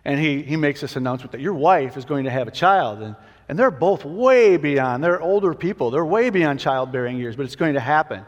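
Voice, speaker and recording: A man's voice: on the high side, animated, brisk, highs cut off. A man teaching a Bible passage in a casual sermon, conversational and prone to restarts. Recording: long hall reverb.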